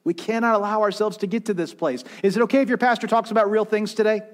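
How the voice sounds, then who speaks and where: A man pastor preaching a sermon, swinging from intense raised passages to hushed quiet ones and acting out voices as he retells. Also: high voice, fairly even intonation, fast talker. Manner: preaching with rising intensity and dramatic quiet drops; acts out quoted voices in his retelling.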